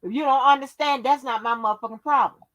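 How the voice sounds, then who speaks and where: A woman's voice: sits high, quick pace, a bit bright, highs cut off. A woman hosting her own channel, delivering a profane, confrontational rant that scolds her viewers. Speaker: channel host.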